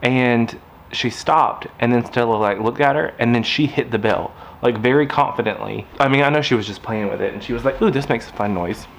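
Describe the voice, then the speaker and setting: A man's voice: mid-range voice, fairly quick, creaky, fairly bright tone, slight background noise. A man talking casually to camera in a craft vlog, rambling and chatty, turning aside to talk to his puppy. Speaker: craft vlogger. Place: indoors at home.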